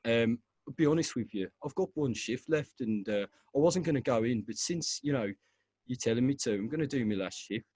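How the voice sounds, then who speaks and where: Brief: man doing young Brummie guitarist, eager and offhand, quietish. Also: mid-range voice, fairly quick, husky, dry recording, close to an everyday voice. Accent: Birmingham.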